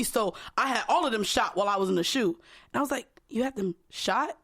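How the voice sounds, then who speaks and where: A woman's voice: on the high side, fast, a bit bright. A woman co-hosting a podcast, chatting frankly and laughing often as she tells stories. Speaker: podcast co-host. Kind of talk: casual chat. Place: studio.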